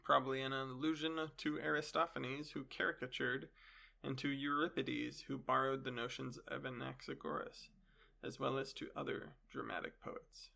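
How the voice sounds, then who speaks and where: A man's voice: mid-range voice, level tone, moderate pace, creaky, sharp tone. A man hosting a book podcast, reading an explanatory footnote aloud. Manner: explanatory aside. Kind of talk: audiobook-style reading.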